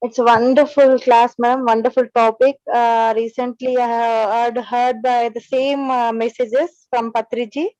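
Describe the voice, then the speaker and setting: A woman asking a question in an online class over a video call, speaking haltingly with many pauses and restarts. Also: a little high, little pitch movement, a little mellow, no room sound, highs cut off. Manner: hesitant, full of pauses and restarts.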